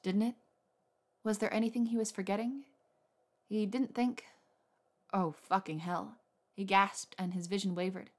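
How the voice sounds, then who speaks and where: A woman narrating a romance story aloud in a soft, unhurried reading voice. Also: medium pitch. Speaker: audiobook narrator.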